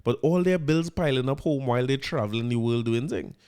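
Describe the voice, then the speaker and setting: Trini guy rambling on his podcast, keeps restarting, drops into dialect, regular pitch. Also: fairly quick, mellow, clear, resonant tone. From Trinidad and Tobago. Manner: rambling, restarts often, shifts into local dialect. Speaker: podcast host. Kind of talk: casual monologue.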